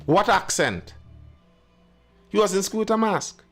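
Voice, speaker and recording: A man's voice: high-pitched, lively intonation, measured pace, fairly bright tone, soft background music. A man hosting a live stream, giving emphatic commentary and answering viewers in the chat by name. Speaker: live show host.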